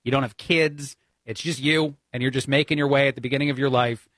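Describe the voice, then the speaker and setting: A man's voice: mid-range voice, fairly even intonation, a little fast, fairly bright tone, dry recording. A man from New Jersey with a New York accent, filling in as a talk radio host with a chatty political monologue. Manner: conversational, frequent uh fillers.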